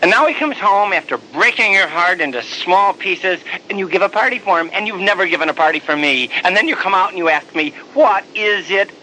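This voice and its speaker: Man voicing a bitter young brother, higher pitched, sharp and worked up. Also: expressive, a little fast, hardly any pauses, a little hiss or hum, full character voice, low-quality recording. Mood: indignant. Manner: indignant, pleading, raised voice.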